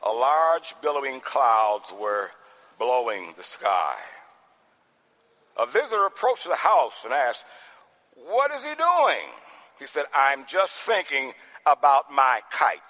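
A man preaching a sermon as pastor, swinging from soft talk to shouting. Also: mid-range voice, animated, takes it slowly, pauses often. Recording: long hall reverb.

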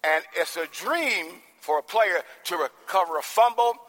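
A man preaching a sermon as pastor, swinging from soft talk to shouting. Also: high voice, lively intonation, measured pace. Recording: long hall reverb.

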